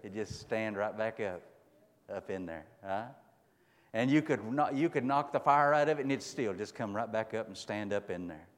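Folksy preacher in echoing hall. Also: male voice, on the low side, expressive, moderate pace. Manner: folksy, emphatic, dramatic swings in loudness. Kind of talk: sermon.

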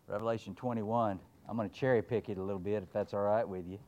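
A man's voice: fairly low pitch, fairly even intonation, fast, hardly any pauses, mellow. A man preaching a folksy, emphatic sermon, reading scripture aloud and voicing God in playful asides.

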